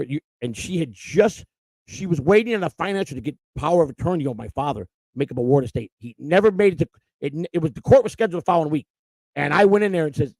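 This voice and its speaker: A man hosting a live stream, telling a personal story in a blunt, profane, animated way. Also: a little high, fairly quick, dry recording, low-quality recording. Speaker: host.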